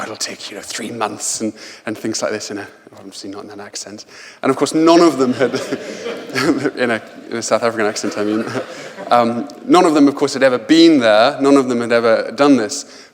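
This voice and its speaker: A man tells travel stories to a lecture audience in a mid-range voice, eager and anecdotal, often doubling back on his words. His voice rings out with a long reverb from the large lecture hall. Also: medium pitch. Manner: lively anecdotal storytelling, self-repeating. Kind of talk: public lecture with slides.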